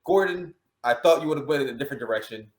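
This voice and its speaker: A man hosting a casual panel chat about music awards, playful and animated, often restarting his sentences. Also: a little high, racing. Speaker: show host. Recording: roomy echo.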